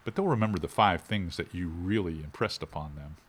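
A middle-aged man, a fishing instructor talking in a casual interview with animated, shifting inflection. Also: low voice, brisk, slightly rough.

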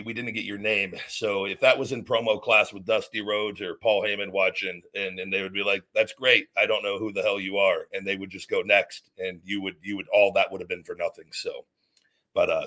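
A man's voice: lowish voice, flat delivery, fairly quick, sharp tone. A man hosting a podcast, reacting casually to a listener's promo and often stumbling over and repeating words. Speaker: podcast host.

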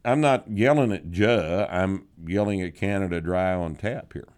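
A man's voice: deep voice, moderate pace, darkish tone, clear, resonant tone. A man hosting a podcast, answering listener questions in blunt, profane, joking chat. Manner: blunt, profane, drawling, laughs often. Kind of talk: casual chat.

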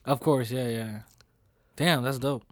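A man's voice: medium pitch, unhurried, a crowd in the background. A man in casual chat as a podcast co-host, laid-back and slangy, swearing easily.

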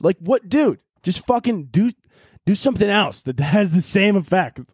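A young man with a slightly high voice tells rambling stories on his podcast. He swears freely and jumps into loud mock rants, recorded dry and close. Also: normal speed, breathy edge, no echo. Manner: animated, swears a lot, yells in mock rants. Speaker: podcast host. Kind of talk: casual storytelling monologue.

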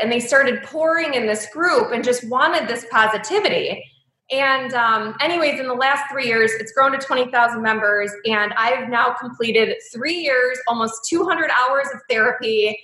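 Candid, bright-voiced woman in an echoey room. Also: fairly high pitch. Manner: candid, emotional, speaks with many likes and ums. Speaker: guest. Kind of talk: personal storytelling in an interview.

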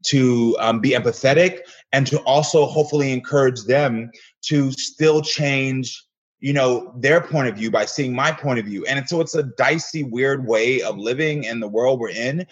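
A man's voice: medium pitch, moderate pace, husky, highs cut off. A man talking earnestly as a guest in a casual interview, acting out the exchanges he recounts. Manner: earnest storyteller, acts out quoted exchanges.

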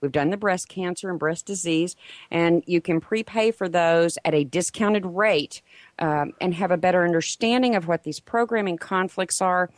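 A woman's voice: on the low side, normal speed, dry recording. A woman co-hosting a health radio show, speaking emphatically and reading out phone numbers and offers. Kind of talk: casual radio talk and plugs.

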